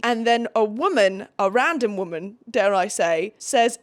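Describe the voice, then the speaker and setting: A woman's voice: a little high, normal speed, few pauses. A woman giving a casual, sarcastic book recap, with chatty, dramatic asides. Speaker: book reviewer.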